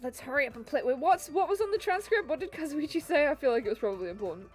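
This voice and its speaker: A woman streaming a game, reacting in an excitable way and swearing, laughing and exclaiming at what happens on screen. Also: sits high, rapid-fire, soft background music. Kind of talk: live gameplay commentary.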